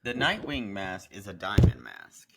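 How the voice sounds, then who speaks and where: A man's voice: lowish voice, big pitch swings, unhurried, creaky, a little hiss or hum. A man co-hosting a casual movie review chat, joking and teasing as he goes. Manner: jokey, mocking mock-British impressions. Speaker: podcast co-host.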